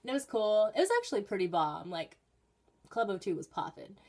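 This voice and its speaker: Teen girl vlogger, chatty and rambling, mid-range voice, talks from her bedroom with sudden excited spikes. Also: mid-range voice, fairly quick. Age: teenager. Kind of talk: casual storytelling vlog.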